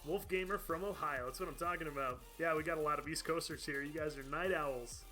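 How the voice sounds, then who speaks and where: A man with a bright, slightly high voice hosts a live game stream. He chats casually while playing, laughs often and reads out viewers' names. Faint music plays softly behind him. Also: a little fast. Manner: chatty, laughs often, reads out chat names and thanks donors. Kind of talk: casual live-stream chat over gameplay.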